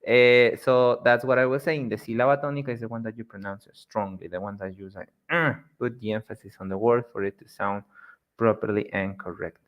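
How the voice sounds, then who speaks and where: A man teaching a casual video lesson, explaining patiently with frequent restarts and filler sounds, and repeating example words slowly and drawn out. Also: lowish voice, fairly even intonation, lo-fi sound. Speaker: language teacher.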